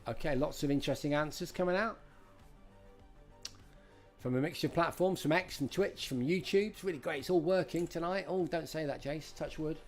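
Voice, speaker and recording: A middle-aged man hosts a live-streamed retro quiz, chatting and greeting viewers by name as he reads the questions. His voice is a little high and fairly quick, with soft music playing behind him.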